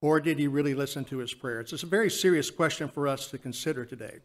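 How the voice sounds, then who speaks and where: A man giving an earnest Lord's Supper reflection in church, slowing down to stress key phrases. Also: on the high side. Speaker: church speaker. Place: church sanctuary.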